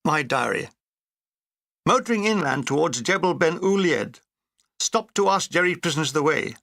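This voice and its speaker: A man's voice: a little high, lively intonation, normal speed, vocal fry, fairly bright tone, dry recording. Man reading a memoir with wry humour. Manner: dry, wry comic delivery. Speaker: narrator. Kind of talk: reading a wartime memoir aloud.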